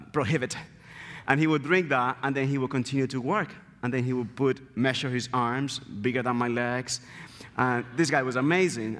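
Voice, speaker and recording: A man's voice: mid-range voice, a bit bright. Guest preacher, male, Dominican Spanish accent, native Spanish speaker, mid-range voice, earnest sermon delivery, big church reverb. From Dominican Republic. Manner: earnest, emphatic, repeats key phrases. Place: church sanctuary.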